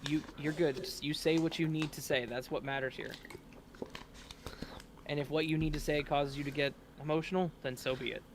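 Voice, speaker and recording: A man interviewing a streamer, reading out viewer questions in a relaxed, reassuring, slangy way. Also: on the high side, normal speed, noisy background. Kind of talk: casual livestream chat.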